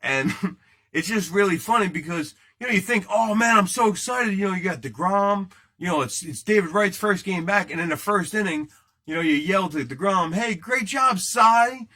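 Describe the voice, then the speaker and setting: A man's voice: high-pitched, moderate pace, sharp tone. A man hosting a casual live card break, joking and rambling as he chats with viewers while opening packs. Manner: joking, rambling, banters with chat.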